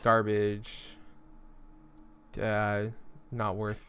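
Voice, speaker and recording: A man's voice: on the low side, completely flat delivery, drawn-out words, a bit bright, clean tone. A young man giving laid-back, chatty commentary while playing a game. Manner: chatty, laid-back, loose asides with laughs. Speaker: gaming streamer. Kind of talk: casual gameplay commentary.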